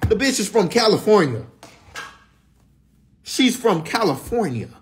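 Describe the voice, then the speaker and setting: A young man, vlogging casually, energetic and profane, often dropping to whispers. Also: high voice, measured pace, slight background noise. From Florida. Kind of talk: casual vlog talk.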